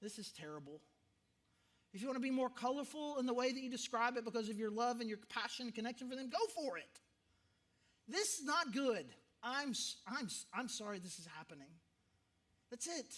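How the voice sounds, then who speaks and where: A pastor preaches a sermon in a conversational style, interrupting himself and repeating points for emphasis. His voice is very high and a bit bright.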